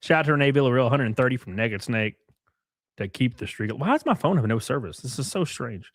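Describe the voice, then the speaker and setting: A man's voice: mid-range voice, lively intonation, fairly quick, no room sound, studio quality. Blunt, profane male streamer. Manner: profane, blunt, reads out viewer messages. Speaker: livestream host. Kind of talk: casual livestream chat.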